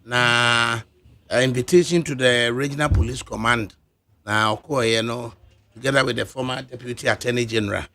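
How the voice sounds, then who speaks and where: Bright-voiced Ghanaian radio host. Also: male voice, mid-range voice, fairly even intonation, moderate pace. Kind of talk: radio talk show hosting.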